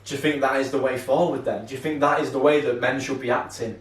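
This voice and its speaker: A man's voice: medium pitch, steady tone, quick pace, a little hiss or hum. A man, co-hosting a podcast and telling a long story in a rambling, sweary way, tagging lines with "yeah". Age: 20s. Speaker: podcast co-host. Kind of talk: casual chat, storytelling. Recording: roomy, mic set far off.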